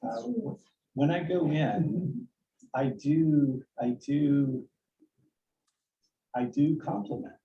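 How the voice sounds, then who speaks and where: A man's voice: a little high, very slow, creaky, pauses often. A man, a real estate agent, giving sales advice at a town hall in an earnest coaching tone, often restarting his sentences. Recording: distant, dull, echoey room audio with faint noise.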